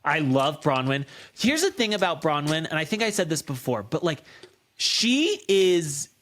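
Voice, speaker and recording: A man's voice: a little high, unhurried. A man co-hosting a casual podcast chat, blunt and gossipy, telling stories with energy. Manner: gossipy, blunt, animated storytelling. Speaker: co-host.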